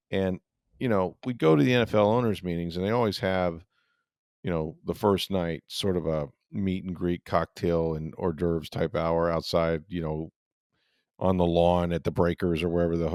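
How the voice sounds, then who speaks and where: Middle-aged male podcast host with a deep voice, chatty and rambling, dry studio sound. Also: darkish tone, no room sound. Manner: rambling storyteller with many fillers. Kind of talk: casual sports podcast chat.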